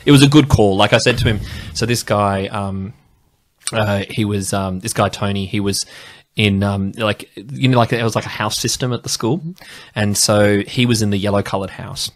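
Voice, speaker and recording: A man in his thirties, a comedian and former teacher, chatting casually and telling animated stories with quoted voices. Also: lowish voice, moderate pace. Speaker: podcast guest, comedian and former English teacher. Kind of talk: casual chat.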